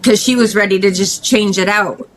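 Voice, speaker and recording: A woman guest speaking candidly in an interview, telling a personal story in a halting, emotional way with frequent restarts. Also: medium pitch, slight background noise, rough recording.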